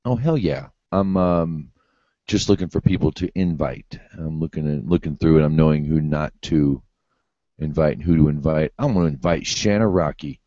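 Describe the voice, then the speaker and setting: Very deep-voiced man, rambling on a call. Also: normal speed, warm tone, no echo. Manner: rambling, hesitant, with many fillers and restarts. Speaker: participant in an online hangout. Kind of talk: casual group video chat. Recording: dull lo-fi web call audio.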